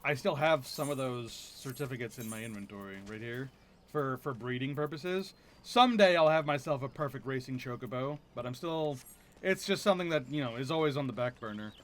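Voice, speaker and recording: A man's voice: medium pitch, brisk, a bit bright. A man streaming a game, musing and chatting casually, often trailing off mid-thought.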